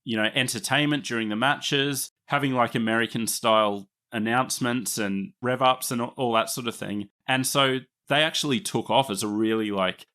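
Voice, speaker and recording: With a pushed, bright mid-range voice, an Australian-accented podcast host talks at normal speed with few pauses. His casual history narration is long, chatty and full of easy laughter.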